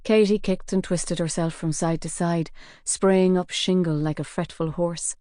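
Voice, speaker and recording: A woman narrates a crime audiobook from a script, telling the story in a measured, even manner. Her voice is on the low side. The studio-quality recording has no room sound.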